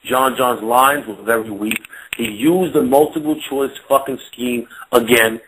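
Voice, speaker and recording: A man's voice: mid-range voice, unhurried, fairly bright tone, slight background noise, poor audio. A man giving blunt, insistent opinions in a casual panel chat, often asking "you understand?". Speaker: battle rap commentator.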